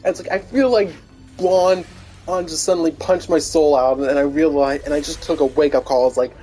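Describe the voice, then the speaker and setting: A man's voice: fairly high pitch, a little fast, warm tone, soft background music. A man streaming a video game, rambling in casual chat with many restarts and fillers.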